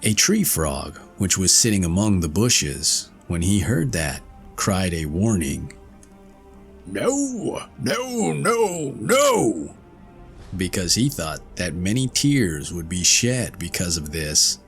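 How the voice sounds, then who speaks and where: A man narrating fairy tales for an audiobook, reading slowly and expressively. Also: low-pitched, lively intonation, soft background music. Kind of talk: storybook narration.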